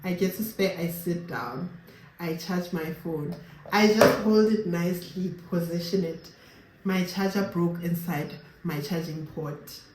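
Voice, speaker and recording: A woman's voice: on the low side, measured pace. A young South African woman with a South African accent, chatting casually to her viewers and slipping Sesotho phrases into her English. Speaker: vlogger. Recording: roomy with faint background noise.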